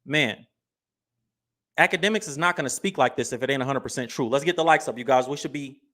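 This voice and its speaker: Chill guy running a live stream, mid-pitch voice, talks loose and chatty. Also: fast, fairly bright tone. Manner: casual, chatty, leans on "bro" and "you know what I'm saying". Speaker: livestream host. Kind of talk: reacting to clips on a livestream.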